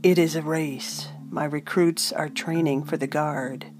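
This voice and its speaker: Storybook figure: a woman playing a stern, gruff male guard commander, curt and impatient, low-set voice, slow delivery. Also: a little mellow, soft background music, lightly acted.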